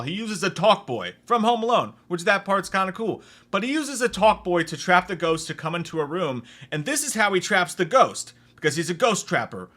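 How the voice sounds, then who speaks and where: A young man hosting a comedic movie review, ranting with heavy swearing and mocking impressions of the characters. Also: sits high. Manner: profane, animated, mocking impressions.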